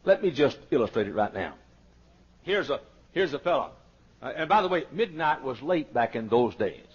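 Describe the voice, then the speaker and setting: A man preaching a folksy sermon as pastor, swinging from loud emphatic rises to quiet asides. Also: medium pitch, sing-song, normal speed, husky. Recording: dull lo-fi archival sermon tape.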